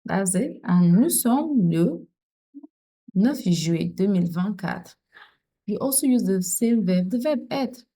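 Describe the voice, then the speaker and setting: Teaching French online, a woman patiently explains and repeats example sentences, using fillers and restarting when she's thinking. Her medium-pitched voice is warm and animated, at a measured pace.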